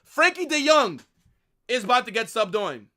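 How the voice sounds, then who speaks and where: Young male streamer, livestream football reaction, excitable and exasperated, bright tone, very animated delivery. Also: very high-pitched, moderate pace. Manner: excitable, exasperated ranting with swearing and repeated phrases. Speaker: football watch-along streamer. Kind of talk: live match reaction.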